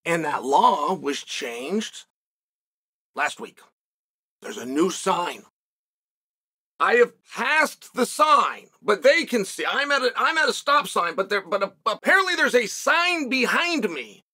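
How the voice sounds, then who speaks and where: A middle-aged man hosts a casual studio monologue, spinning a story with lively swings up and down in pitch. His voice is bright and carries a husky edge. He jumps into the quotes he is telling, acting them out as he goes. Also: slow pace. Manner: animated, acts out shouted quotes. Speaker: show host.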